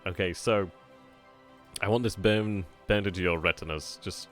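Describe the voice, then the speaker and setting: A man's voice: low voice, steady tone, moderate pace, a bit bright, faint music behind. A man hosting a strategy game video channel, chatting casually and informally to his viewers and easily amused. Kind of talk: casual video outro chat.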